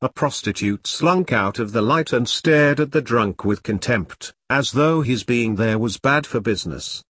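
A man narrating an audiobook in a steady, dramatic storytelling manner. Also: medium pitch, unhurried, husky, no echo, clean studio sound.

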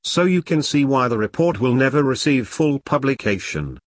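Guy reading angry blunt ex-agent woman, husky voice, pitch jumps around a lot, dry close audiobook sound. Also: animated, normal speed, dry recording, natural voice. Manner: blunt, furious. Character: bitter middle-aged woman, ex-agent.

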